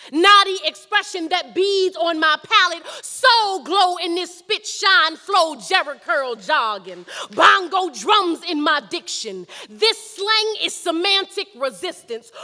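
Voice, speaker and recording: A woman's voice: very high voice, sharp tone. A woman performing a spoken word poem with a rhythmic, emphatic delivery, recorded in an echoey hall. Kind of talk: slam poetry performance.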